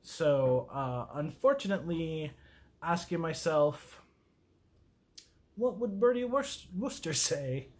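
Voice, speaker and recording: A man casually reading a poem aloud, halting and self-mocking as he stumbles over words. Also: a little high, lively intonation. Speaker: video host.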